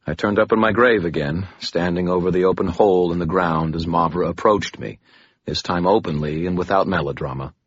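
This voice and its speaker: A man narrating an audiobook in the first person, measured and brooding. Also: low voice, no room sound, lo-fi sound.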